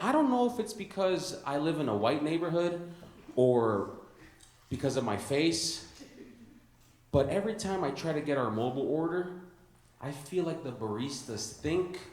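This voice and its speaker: Young chicago guy doing stand-up, bouncy voice that jumps all over, kinda high, echoey club. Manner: animated, laughs at his own lines, says "bro" and "dude". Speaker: stand-up comedian. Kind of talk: stand-up comedy set. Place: comedy club stage before a live audience. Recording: roomy club sound.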